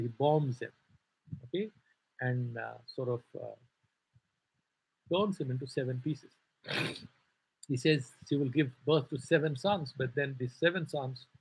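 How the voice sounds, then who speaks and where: A man's voice: medium pitch, breathy edge, poor audio. A man with an Indian accent teaching a scripture class, explaining in a loose, digressive way full of "sort of" asides. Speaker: Vedanta teacher.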